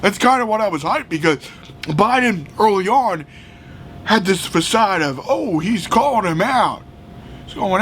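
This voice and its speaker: A man from the United States ranting heatedly about politics, profane and often shouting. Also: sits high, animated, unhurried, slight background noise. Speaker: political vlogger.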